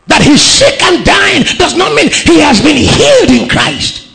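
A male pastor preaches in a very high, lively voice that swings up and down in pitch. His tone is gravelly with fry, and he drives his points home by shouting and half-singing his lines. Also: measured pace. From Nigeria. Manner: emphatic preaching with shouted and sung-out phrases. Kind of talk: sermon.

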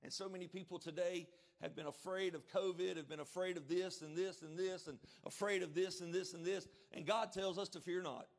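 A male pastor preaching a sermon, emphatic, checking in with the congregation and shouting out now and then. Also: sits high, fairly even intonation, a little fast, few pauses. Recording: long reverb of a church hall.

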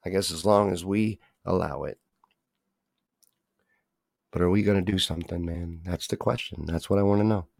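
Gravelly, heated livestream host. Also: male voice, low voice, normal speed, long pauses, darkish tone, no echo, studio quality. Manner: heated, swearing, talks straight to viewers. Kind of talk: casual livestream talk, reading chat.

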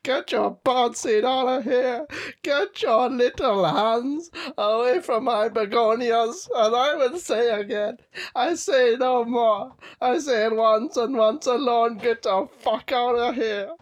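A man's voice: very high voice, pitched above the performer's own voice. A man voicing a grumpy old man who rants and curses at trespassers on his lawn. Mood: ranting. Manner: ranting, cursing, drawn-out.

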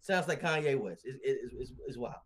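A man co-hosting a casual wrestling podcast over a remote call, talking in a rambling, slangy, animated way and laughing often. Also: medium pitch, normal speed. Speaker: podcast co-host. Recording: remote call with glitchy connection.

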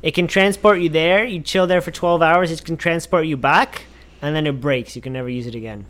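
A man's voice: on the high side, a little fast, fairly bright tone. A man co-hosting a podcast in casual chat, laid-back with slang and stumbling restarts. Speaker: podcast co-host.

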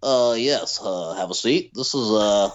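A man's voice: fairly low pitch, a little slow, pitched below the performer's own voice, natural voice. A man voicing a pompous, bumbling fake psychiatrist with a put-on Irish accent, hesitating over every word on a dull lo-fi recording. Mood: mock-serious. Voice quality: hesitant, full of uh's. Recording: dull lo-fi sound.

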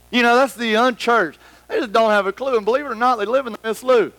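A man's voice: very high voice, fast talker, a bit bright, dry recording, poor audio. A man preaching a conversational sermon in church, slipping into quoted voices and back. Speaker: pastor.

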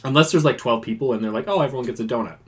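A man's voice: mid-range voice, racing, husky. Male podcast co-host, rambling and self-deprecating, casual chat. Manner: rambling, self-mocking, chatty.

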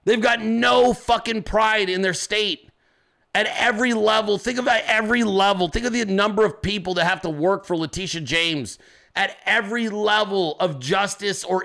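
A man hosting a political show, ranting angrily and swearing constantly. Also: sits high. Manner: angry, profane, shouting rant. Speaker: podcast host. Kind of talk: political commentary rant.

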